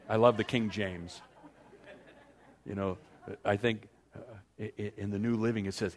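A male pastor preaching a sermon, acting out scripture scenes with animated storytelling. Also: fairly low pitch, moderate pace, pauses often.

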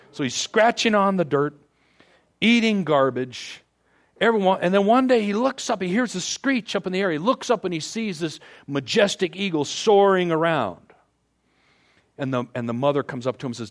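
A man's voice: a little high, moderate pace. A man giving a motivational talk to a group, rambling with restarts and playful asides as he tells a parable. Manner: imitates animal sounds. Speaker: speaker to a group.

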